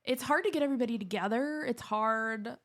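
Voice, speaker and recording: A woman co-hosting a podcast in casual chat, chatty and animated, laughing often. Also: fairly high pitch, fairly quick. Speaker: podcast co-host.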